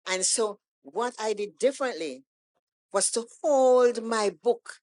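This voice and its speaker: A woman guest on a podcast, telling a story in a casual, animated way and acting out the lines of the people in it. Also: fairly high pitch, slow pace. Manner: animated storytelling, acts out quoted dialogue. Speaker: guest poet.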